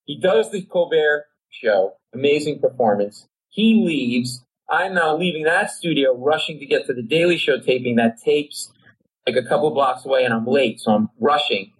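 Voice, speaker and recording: A man, a comedian, telling a comic story on a podcast in an excitable way that keeps jumping into high, shouted asides. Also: moderate pace, low-quality recording. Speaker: comedian guest.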